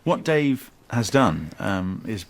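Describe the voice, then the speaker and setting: A man's voice: fairly low pitch, very animated, slow pace, gravelly, a little hiss or hum, full character voice. An actor playing a mild male anger-management therapist who speaks earnestly and encourages the group. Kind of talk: sitcom acting.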